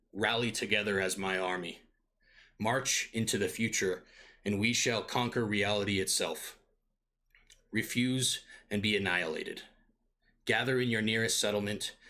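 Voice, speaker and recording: A man's voice: fairly low pitch, bright, forceful tone. A man voicing an ancient, menacing undead lord who makes grandiose telepathic proclamations.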